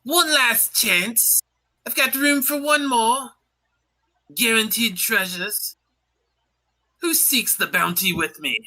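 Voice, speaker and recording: A man's voice: very high-pitched, bright, forceful tone, pitched above the performer's own voice, exaggerated voice. A man voicing a commanding male ship captain who recruits a crew in a fantasy tabletop game. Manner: stern, drawn-out delivery.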